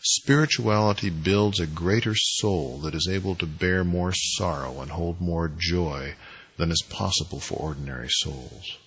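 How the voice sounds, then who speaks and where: Deep husky guy lecturing on priesthood, leans hard on his words. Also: fairly bright tone, rough recording. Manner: emphatic, deliberate inflection, stretches words for emphasis. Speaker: spiritual teacher.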